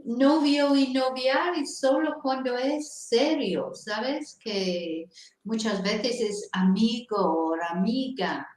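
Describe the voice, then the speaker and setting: A woman hosting a casual bilingual chat, teaching words slowly and switching between English and Spanish. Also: a little high. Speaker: host. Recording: very echoey room.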